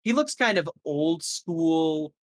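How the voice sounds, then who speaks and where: A man's voice: fairly high pitch, animated, slow pace, no echo. A man narrating a tabletop game as game master, rambling casually with lots of fillers.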